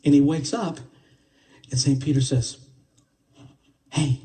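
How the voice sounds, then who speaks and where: A man's voice: on the high side, normal speed. Guy telling a funny parable to a crowd, playful, kinda far from the mic. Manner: animated, playful delivery with asides to the audience. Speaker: storyteller. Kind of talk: live spoken parable.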